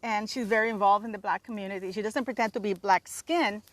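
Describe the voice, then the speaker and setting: A woman's voice: medium pitch, steady tone, a little fast. A woman in her forties, hosting her own channel and giving rambling, chatty opinion commentary full of "you know" fillers. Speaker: channel host.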